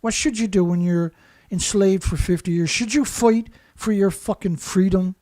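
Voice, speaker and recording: A man's voice: high voice, moderate pace, darkish tone. A man hosting a show and delivering an angry, insult-heavy monologue, repeating himself as he rants. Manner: ranting, insulting, repetitive. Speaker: show host.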